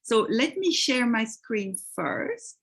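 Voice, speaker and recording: A woman's voice: a little high, very animated, slow. A woman from France with a French accent, hosting a live online webinar over a video call and greeting attendees by name. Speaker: webinar host.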